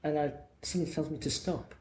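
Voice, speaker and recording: A man's voice: fairly high pitch, steady tone, fast, mellow. A middle-aged man from England, a guest hairdresser telling long rambling anecdotes in casual chat. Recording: echoey room with faint noise.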